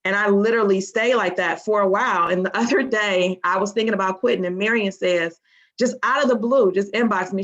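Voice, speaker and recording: A woman's voice: mid-range voice, fairly even intonation, fast talker, a bit bright. A woman team member sharing a personal testimony on a group call, earnest and close to tears. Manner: earnest, emotional. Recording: dull lo-fi sound.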